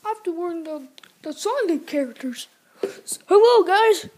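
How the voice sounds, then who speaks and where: A woman voicing an excitable little plumber hero in homemade toy play, breaking into shrieking bursts. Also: extremely high pitch, normal speed. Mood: alarmed. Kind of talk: toy play with character voices.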